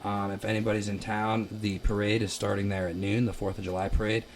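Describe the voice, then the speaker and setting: Young male musician from Ohio, casual chat in a basement, low voice, bursts into loud quoted lines. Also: fairly quick, a little hiss or hum. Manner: animated, laughing, acts out quotes loudly. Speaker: musician guest.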